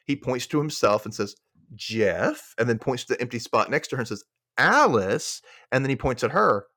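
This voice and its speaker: A man co-hosting a podcast, retelling a sitcom scene beat by beat. He acts out the characters' lines as he goes, in a mid-pitched voice. The sound is dry and close. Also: moderate pace, no echo. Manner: animated retelling, acting out lines. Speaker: podcast co-host. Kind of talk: recapping a sitcom episode.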